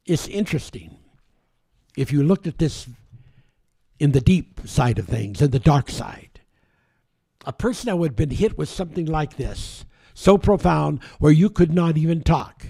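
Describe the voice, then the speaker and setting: A man preaching a sermon, reading scripture aloud and explaining it, with halting restarts and drawn-out key words. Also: fairly high pitch, creaky, dark tone.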